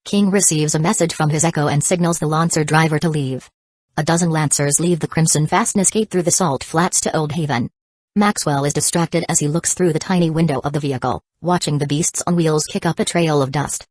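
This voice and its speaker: A woman narrating an audiobook in a steady, even reading voice. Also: low-pitched, a little fast, no room sound. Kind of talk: scripted narration.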